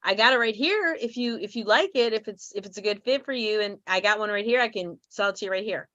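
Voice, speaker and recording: A woman's voice: mid-range voice, bright, forceful tone. A woman on a casual sales call explaining a tip by acting out a customer exchange. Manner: quick, acts out a customer exchange. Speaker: trainer. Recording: dull lo-fi call audio.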